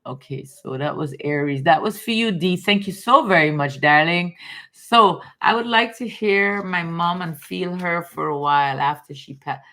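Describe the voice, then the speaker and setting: A woman's voice: lowish voice, moderate pace, pushed and bright. A woman from Guyana giving casual live tarot readings, calling viewers baby and darling in an affectionate way. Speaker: tarot reader on a live stream.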